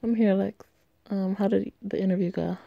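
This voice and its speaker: Girl doing a supportive bestie, upbeat, low gravelly voice, lo-fi. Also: steady tone, normal speed, no echo. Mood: reassuring. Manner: upbeat and reassuring. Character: encouraging young woman best friend.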